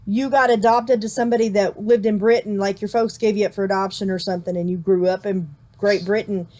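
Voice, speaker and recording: A woman's voice: medium pitch, fairly even intonation, a little fast, warm tone. A woman hosting a casual movie discussion, chatty and long-winded, restarting her sentences often. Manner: chatty, explains at length with frequent restarts. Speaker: host.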